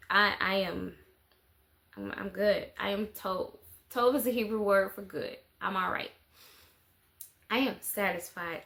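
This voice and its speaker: A woman's voice: medium pitch, vocal fry, a bit bright. A woman, chatting casually and rambling in a life-update vlog, with lots of fillers. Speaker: mother and vlogger.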